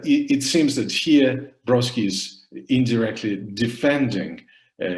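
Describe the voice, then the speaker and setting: A man gives an academic lecture in a fairly low voice, taking his time. He speaks haltingly, with many fillers and restarts. The sound is echoey, as if from a roomy space. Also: a little mellow. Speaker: academic presenting his book at a seminar.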